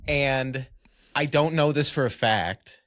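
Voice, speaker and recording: Male podcast guest, medium voice, hesitant drawn-out questions, dry close sound. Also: medium pitch, fairly bright tone, dry recording. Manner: curious, halting questions, drawn out. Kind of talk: casual chat.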